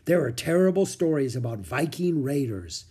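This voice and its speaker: A man's voice: fairly high pitch, very animated, moderate pace, mellow, slightly rough. A man voicing a jolly, bald, middle-aged male monk in a storybook reading. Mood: grave.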